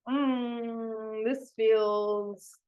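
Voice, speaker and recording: A woman co-hosting a podcast in casual chat, gushing and excitable, often breaking into laughter. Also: fairly high pitch, very slow, clear, resonant tone, lo-fi sound. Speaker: podcast co-host.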